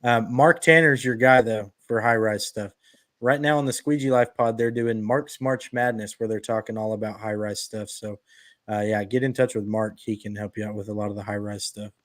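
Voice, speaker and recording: A man's voice: lowish voice, fairly even intonation, normal speed, fairly bright tone, no echo. A man hosting a casual podcast, joking and easygoing, talking straight to his listeners. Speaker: podcast host and window cleaner.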